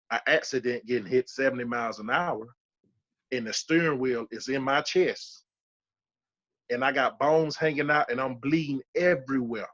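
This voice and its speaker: A man's voice: mid-range voice, a bit bright, dull audio. A man in his thirties telling his personal survival testimony as a podcast guest, emphatic and repeating key phrases for weight. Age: 30s.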